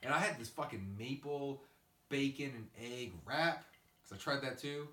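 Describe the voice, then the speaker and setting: A man hosting a casual podcast, swearing freely and ranting through animated stories. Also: mid-range voice, moderate pace, far from the mic. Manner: ranting, profane, animated storytelling. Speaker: podcast host. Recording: echoey room, away from the mic.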